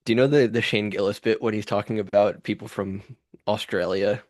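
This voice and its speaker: A young man co-hosts a casual podcast, tossing out jokes and teasing his partner. His voice sits a little low. The recording is close and dry. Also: fairly even intonation, a little mellow, no echo. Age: young adult. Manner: joking, teasing, quick with banter. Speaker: podcast co-host. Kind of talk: casual chat.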